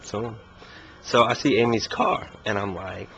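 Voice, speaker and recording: A man's voice: on the low side, a little slow, creaky, a bit bright. A young man telling a story in a casual interview, laid-back and dryly humorous. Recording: muffled recording with faint hiss.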